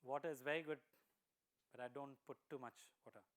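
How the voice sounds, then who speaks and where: A man's voice: medium pitch, steady tone, brisk. A man giving a motivational talk to teachers, telling a story in a conversational way. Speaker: guest speaker for teachers. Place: school auditorium.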